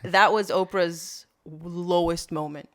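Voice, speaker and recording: A woman's voice: fairly low pitch, steady tone, slow pace, a bit bright. A woman co-hosting a podcast, chatting casually and emphatically. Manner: emphatic, agreeing. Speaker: podcast co-host. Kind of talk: casual opinion chat.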